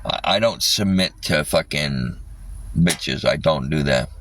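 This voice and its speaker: A man rambling in casual livestream chat, swearing often and halting with lots of fillers. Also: a bass voice, a bit bright, recorded from a distance, a little hiss or hum.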